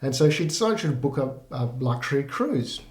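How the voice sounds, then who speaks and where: A man giving a casual whisky tasting review in a relaxed, rambling way with many fillers. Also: mid-range voice, normal speed. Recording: roomy echo.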